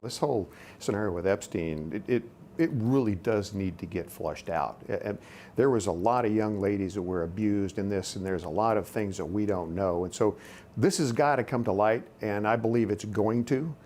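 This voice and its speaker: Low-voiced earnest congressman, faint background hiss. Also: normal speed, darkish tone. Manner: earnest, repeats words while restarting. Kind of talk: interview answer.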